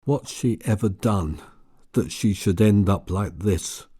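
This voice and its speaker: Man doing a guilt-ridden husband, audiobook, low desperate voice, dark tone. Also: takes it slowly, slightly rough, dry recording, studio quality. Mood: anguished. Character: anguished grown man, haunted by guilt.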